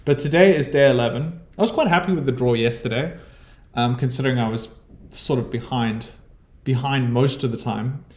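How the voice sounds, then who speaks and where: A man's voice: medium pitch, normal speed, a little mellow, echoey room. A South African man from South Africa, a chess streamer chatting casually and thinking aloud about his moves as he plays. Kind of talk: casual commentary over his own chess game.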